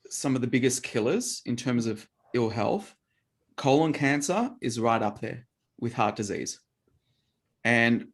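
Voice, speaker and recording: Man, mid-pitched, casual co-host who rambles and restarts his sentences. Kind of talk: casual health chat.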